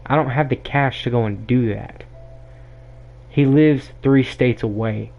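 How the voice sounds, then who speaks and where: With a mid-range, creaky voice and a slightly slow pace, a young man hosts a podcast, giving a blunt, emphatic opinion piece that often loops back and repeats itself. The sound is tinny, phone-like.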